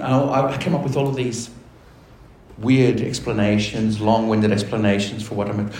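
A man preaching a sermon as pastor, animated and putting questions to the congregation. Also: medium pitch, brisk. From Australia. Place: church. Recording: echoey church hall with faint ambience.

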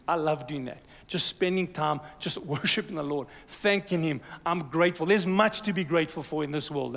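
A man preaching a sermon as a pastor, energetic and exhorting, calling "amen" to the congregation. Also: a little high, gravelly. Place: church hall. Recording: reverberant church hall.

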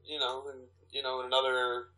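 A man's voice: medium pitch, monotone, fairly quick, bright, forceful tone, low-quality recording. A man from Canada, an actor and guest, telling a rambling, profane story full of restarts. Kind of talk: animated storytelling.

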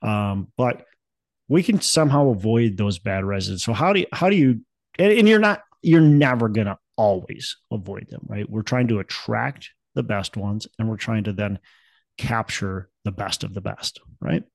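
A man's voice: lowish voice, animated, moderate pace, vocal fry, dry recording. A man in his thirties from Minnesota, co-hosting a podcast in casual chat, rambling and upbeat with many restarts. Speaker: podcast co-host.

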